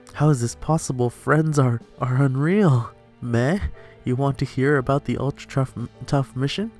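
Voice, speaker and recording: A young man hosts a casual gaming commentary, rambling on with fillers and frequent laughs. He records in a room at home while faint game music plays underneath. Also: medium pitch. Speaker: let's play host.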